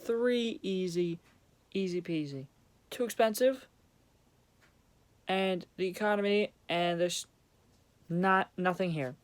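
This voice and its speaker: A man's voice: high voice, slow, long pauses. A young man from Vermont delivering a profane, sarcastic rant as a vlogger. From Vermont, USA. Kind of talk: angry ranting monologue.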